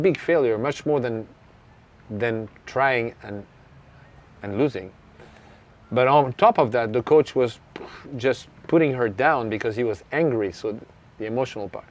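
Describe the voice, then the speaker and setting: A French tennis coach from France speaks in a medium-pitched, a little mellow voice with a French accent. Telling a story in an interview, he is earnest and reflective and performs remembered lines of dialogue.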